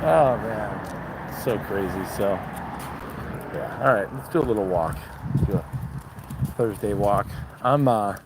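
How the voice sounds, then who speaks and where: A man's voice: fairly low pitch, animated, takes it slowly, pauses often. Casual man walking dogs on a busy street. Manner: casual, swears freely, chatty, talks to dogs. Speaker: dog breeder vlogger. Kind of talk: casual livestream chat while dog walking. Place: outdoors on a city street. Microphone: phone held while walking. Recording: outdoor street noise, traffic. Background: traffic and street noise.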